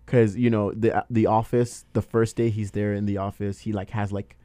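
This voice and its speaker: A man from Nigeria chatting casually about a film, talkative and quick to laugh. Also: fairly low pitch, level tone, dark tone, no room sound.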